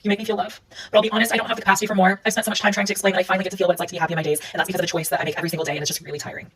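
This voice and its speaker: A woman telling a personal story in a casual monologue, rapidly recounting events and reading out text messages. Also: mid-range voice, flat delivery, fairly bright tone, recorded from a distance, low-quality recording.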